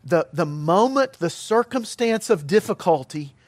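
A middle-aged man preaching a sermon as pastor, earnest and emphatic with measured pauses. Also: high voice, lively intonation, no room sound.

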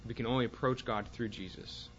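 A man teaching a Bible class, speaking haltingly with fillers and restarts and reading passages aloud with more force. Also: medium pitch, steady tone, lo-fi sound, a little hiss or hum.

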